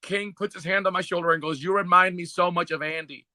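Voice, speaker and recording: A man's voice: high voice, steady tone, quick pace, sharp tone, no room sound. A man hosting a casual podcast chat, enthusiastic and easily moved. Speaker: podcast host.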